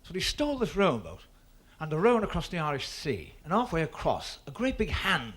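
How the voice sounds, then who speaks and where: Male comic storyteller, high bright lively voice, rambling patter. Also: a little fast. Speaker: stand-up comedian. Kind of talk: stand-up joke telling to a live audience.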